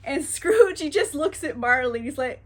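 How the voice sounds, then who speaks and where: High-pitched woman book vlogger, chatty, lots of likes and swearing. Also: expressive, moderate pace. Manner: chatty, filler-heavy, swearing, laughing often. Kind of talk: casual book recap.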